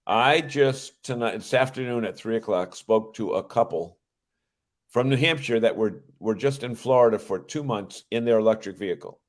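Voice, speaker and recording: A man's voice: medium pitch, moderate pace. A man co-hosting a casual talk show, with easygoing, teasing banter. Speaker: co-host. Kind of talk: casual chat.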